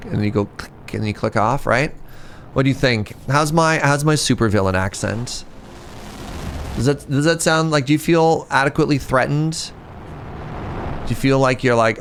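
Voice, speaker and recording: A man's voice: medium pitch, moderate pace, long pauses, a little hiss or hum. A man streaming a game, chatting and joking playfully with his viewers while thinking aloud. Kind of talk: casual gameplay chat with viewers.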